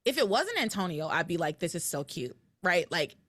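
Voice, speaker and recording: A woman's voice: on the low side, normal speed, no room sound. Chatty woman podcast host. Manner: animated storytelling, laughs often. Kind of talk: casual recap chat.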